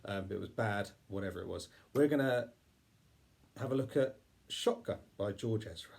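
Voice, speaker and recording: A man's voice: fairly low pitch, normal speed, creaky, a little mellow. A man giving a casual ukulele lesson, chatty and self-deprecating, apologizing for his singing as he walks through the chords. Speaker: ukulele teacher. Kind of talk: casual music tutorial. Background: ukulele playing.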